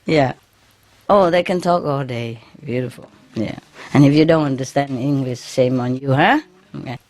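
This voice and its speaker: Low-voiced woman giving a chatty spiritual talk. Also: normal speed, a little mellow. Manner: chatty, laughs often, ends phrases with "yeah?"; non-native English grammar, frequent fillers and restarts. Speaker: spiritual teacher. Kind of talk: informal spiritual talk to followers.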